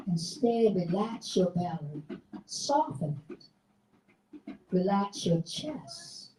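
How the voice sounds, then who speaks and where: A woman guiding a group through a slow breathing meditation in a theater, with calm, drawn-out instructions. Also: medium pitch, a little hiss or hum. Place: theater hall. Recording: roomy live hall from far off.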